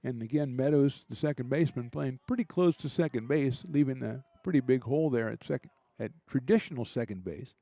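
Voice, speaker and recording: Mellow-voiced man calling college baseball. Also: a little fast, creaky, hardly any pauses, dry recording. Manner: relaxed, chatty, lightly joking between pitches, rising excitement on big plays. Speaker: play-by-play announcer. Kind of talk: baseball play-by-play commentary.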